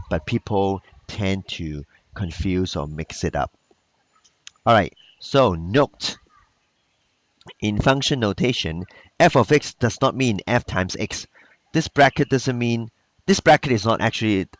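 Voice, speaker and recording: A man gives a recorded math lesson and repeats each key point with patience. His voice sits fairly low. The sound is dry and close, with no room echo. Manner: plain non-native phrasing, loose grammar. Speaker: math teacher.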